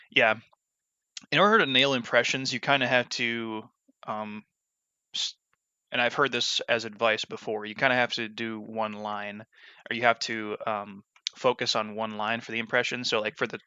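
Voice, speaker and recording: A man's voice: mid-range voice, moderate pace, pushed and bright, clear, resonant tone, dry recording. A man casually commenting on a game as he plays, rambling with fillers and false starts, on a dull lo-fi mic. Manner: rambling, many fillers and restarts. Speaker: let's play gamer.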